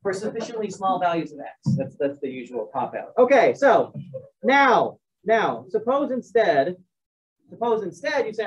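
A man's voice: high voice, big pitch swings, moderate pace, distant mic. A man lectures a math class in a loose, chatty way, full of joking asides and restarts as he works problems out aloud. He sounds set back from the microphone, and the recording is dull and muffled. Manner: rambling, joking asides, restarts while working sums. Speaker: math teacher.

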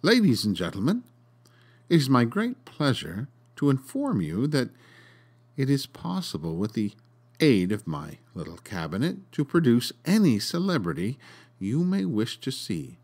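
A man voicing a grandiloquent male stage magician in a told story, slow, theatrical and grand. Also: medium pitch, huge pitch swings, darkish tone, husky, heavily acted. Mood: grandiose.

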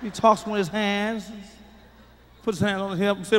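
A man doing a stand-up comedy routine, loud and profane, swinging between shouted punchlines and muttered asides. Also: sits high, steady tone, moderate pace, slight background noise. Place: large theater stage with live audience. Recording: live concert hall reverb.

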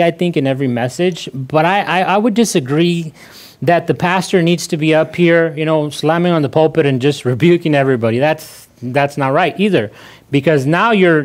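A man preaching in church with a fairly high voice. He is a pastor who talks to his congregation in a conversational way. He comes back to his key phrases again and again and stumbles into quick restarts. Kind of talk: sermon.

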